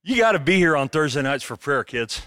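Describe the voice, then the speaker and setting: Pastor, man, middle-aged, lively joking sermon delivery, higher voice, dry close sound. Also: fairly quick, smooth, no room sound. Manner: animated, joking, conversational preaching.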